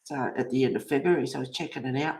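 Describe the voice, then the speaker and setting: A woman's voice: extremely low pitch, steady tone, very fast, darkish tone. A woman in her fifties or older chats as a livestream host while she colours. She tells gossipy stories and laughs often between them. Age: 50s or older. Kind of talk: casual chat while colouring.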